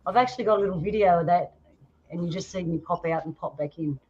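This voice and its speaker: An Australian woman with a slightly low voice chats casually and tells stories about her photos. She laughs easily and breaks into quick impressions of other people. The recording sounds dull and muffled. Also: dark tone, a little hiss or hum. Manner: laughing, storytelling, acts out quoted voices. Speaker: host. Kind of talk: casual chat showing photos.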